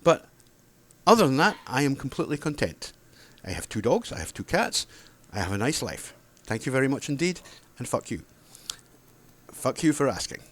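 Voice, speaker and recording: A man's voice: medium pitch, big pitch swings, moderate pace. A man, delivering an angry, heated monologue to camera, sarcastic and swearing freely. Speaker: video blogger.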